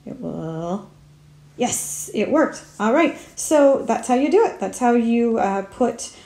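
A woman walks through an app tutorial step by step, narrating her own clicks as she goes. Her voice is mellow and soft at the edges. The sound carries the echo of a bare room. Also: fairly high pitch, big pitch swings, slow pace, creaky. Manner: talks herself through each step, with fillers. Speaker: speech therapist. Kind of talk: screen-recorded app tutorial.

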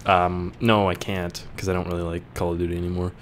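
A man's voice: sits low, level tone, brisk, a little hiss or hum. A young man reading viewer questions aloud and answering them in a casual, joking way, swearing now and then.

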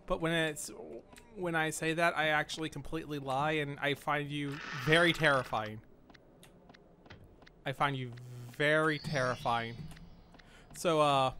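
A man's voice: on the high side, fairly even intonation, unhurried, sharp tone, a little hiss or hum. A man narrating a horror game playthrough, joking and self-mocking as he talks to the characters on screen. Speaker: game host playing a horror game. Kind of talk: let's play commentary.

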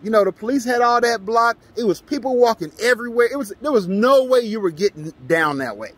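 A man vlogging, telling a personal story in a casual, animated way and acting out the shouts he traded with others. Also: very high voice, a little fast, breathy edge. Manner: animated, acts out his own shouts and quotes.

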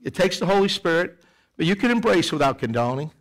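A middle-aged man preaching a sermon in church, animated, swinging between loud emphasis and quiet asides. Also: fairly high pitch, quick pace. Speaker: pastor. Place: church sanctuary.

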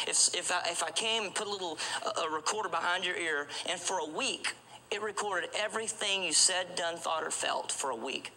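A man's voice: a little high, noisy background. A man preaching an evangelistic sermon, urgent and repetitive, asking rhetorical questions and often restarting his phrases.

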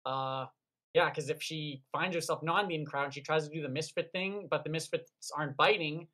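Measured man with a slightly high voice. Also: pushed and bright. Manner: measured, analytical. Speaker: panel guest. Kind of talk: casual panel chat.

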